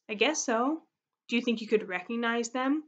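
A woman's voice: on the high side, normal speed, close to an everyday voice. Sulky teenage brother, read by a woman. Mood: annoyed. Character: frustrated teenage boy, older brother.

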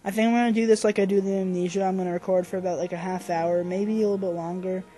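A man's voice: high-pitched, steady tone, quick pace, dark tone, faint music behind. A young man giving goofy, rambling let's-play commentary into a desk microphone at home. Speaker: gamer host.

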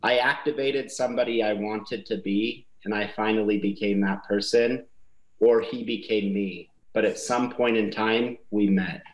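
A man's voice: lowish voice, steady tone, normal speed, echoey room, muffled recording. A man giving earnest motivational sales advice in a casual webinar chat. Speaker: sales prospecting guest.

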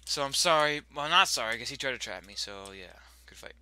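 A young man casually commenting over his own gameplay, swearing freely and breaking into loud yelling when things go wrong. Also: medium pitch, lively intonation, a little fast, a little hiss or hum. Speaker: gaming channel host.

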